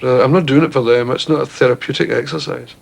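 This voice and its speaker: A Scottish man with a Glaswegian accent, a comedian telling stories on stage and talking about his material in an animated way. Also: fast, gravelly. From Scotland. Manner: animated, jumps into shrieking high voices for characters. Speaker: stand-up comedian. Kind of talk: stand-up storytelling. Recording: faint hiss, 1970s TV recording.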